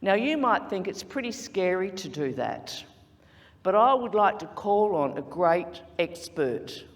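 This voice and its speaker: Slow, earnest Australian woman in a hall. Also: medium pitch, sing-song. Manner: earnest, emphatic, persuasive. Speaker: speech contestant. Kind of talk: prepared contest speech. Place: large conference hall.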